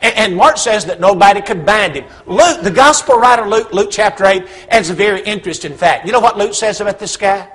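A man's voice: high-pitched, animated, brisk, hardly any pauses, a bit bright, slight background noise. A man preaching a sermon, telling a Bible story with humor and acted-out voices.

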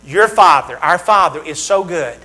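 A man's voice: a little high, expressive, normal speed, sharp tone, poor audio. A middle-aged man preaching a sermon, talking straight to his congregation with emphatic, repetitive phrases that swell in volume.

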